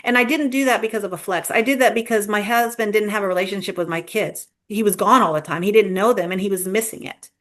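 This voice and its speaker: A woman guest in a conversational interview, a leader among real estate agents, tells stories earnestly and restarts often. She speaks fast at a medium pitch with hardly any pauses.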